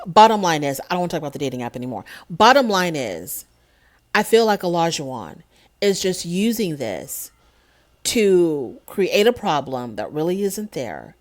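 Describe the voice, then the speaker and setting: A woman with a slightly low voice gives a casual recap of a reality show, talking straight to her viewers. She tells it in an animated, indignant way and acts out what the cast members said. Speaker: show reviewer, host.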